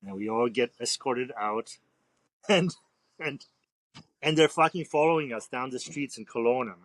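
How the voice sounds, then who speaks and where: A man with a mid-range voice spins long, loose stories as a podcast guest, swearing freely and drifting between asides. His delivery is relaxed and rambling. The sound is close and dry, with no room around it. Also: medium pitch, normal speed, no room sound. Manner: laid-back, profane, rambling. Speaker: tattoo artist guest. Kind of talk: casual storytelling interview.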